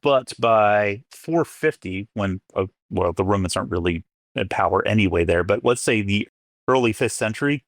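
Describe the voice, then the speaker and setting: A man's voice: lowish voice, normal speed, dry recording, studio quality. A man, an archaeologist guest on a podcast, chatting casually and hedging his points with many fillers.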